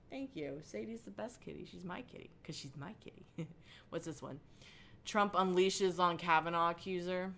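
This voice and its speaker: A young woman hosting a casual livestream from her couch at home, rambling and halting as she chats and answers her viewers. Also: low-pitched, fairly bright tone, clean tone. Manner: rambling, halting, with frequent ums and likes. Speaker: livestream host. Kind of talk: casual chat reading chat messages. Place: home living room, on a couch.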